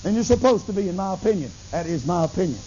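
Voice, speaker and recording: A middle-aged man preaching a sermon, telling a story with lively acted-out dialogue. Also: high-pitched, fast talker. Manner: animated storytelling, acts out dialogue, bursts into tongues. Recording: dull lo-fi recording with faint hiss.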